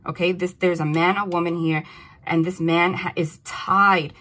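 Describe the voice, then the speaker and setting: A woman giving a casual tarot reading to camera, animated and excitable, often exclaiming and repeating herself. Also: lowish voice, normal speed. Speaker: tarot reader.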